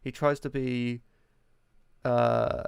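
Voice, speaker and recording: A man with a gravelly yet smooth, resonant voice, talking in a relaxed podcast conversation. He hesitates often and fills the gaps with ums. The sound is dry and close. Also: mid-range voice, dry recording. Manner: hesitant, halting with many ums. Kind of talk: casual chat.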